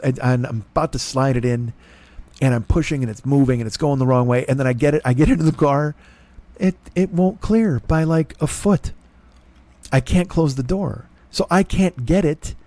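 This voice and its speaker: A man's voice: on the high side, darkish tone, dry recording. Profane, rambling man telling a comic story. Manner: profane, self-deprecating, jumps into voices of others in his stories. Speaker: comedy podcast host.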